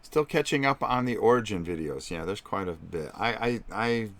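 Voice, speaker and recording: Deep-voiced middle-aged man chatting live. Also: animated, normal speed. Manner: chatty, speaks directly to viewers. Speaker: live stream host. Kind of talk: casual live chat with viewers.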